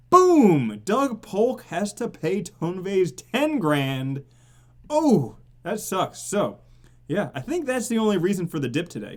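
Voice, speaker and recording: A man hosts a casual live stream in an excitable, theatrical way. His voice sits high and swings wide in pitch. He swears freely and greets viewers by name. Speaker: crypto live stream host.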